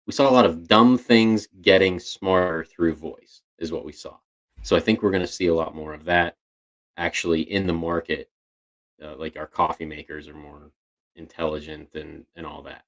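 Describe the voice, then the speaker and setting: In a casual podcast conversation, this male co-host thinks aloud and restarts himself frequently. His voice is low-pitched and a bit bright.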